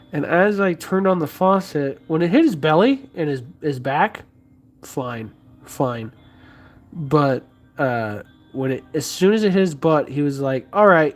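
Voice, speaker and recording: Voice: medium pitch, darkish tone. A vlogger chatting casually while sculpting, rambling and joking with lots of fillers. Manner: rambling and jokey, many fillers.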